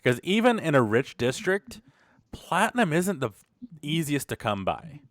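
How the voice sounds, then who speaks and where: A man's voice: a little high, big pitch swings, normal speed, no room sound, clean studio sound. A man running a tabletop game as game master, narrating in a loose, conversational way with many fillers.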